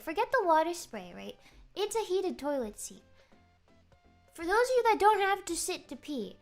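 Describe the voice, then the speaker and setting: Giggly young woman rambling on stream, high voice that jumps all over, soft music behind. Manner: animated, giggly, rambling storytelling. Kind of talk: casual chat. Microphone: streaming microphone.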